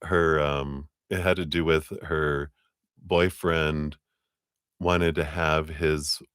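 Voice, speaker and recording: Low, slow-talking chatty man. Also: little pitch movement, fairly bright tone, clear, resonant tone, no room sound, clean studio sound. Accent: slight Southern US. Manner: chatty and rambling, laughs often. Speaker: tarot reader hosting a live stream. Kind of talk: casual live-stream reading.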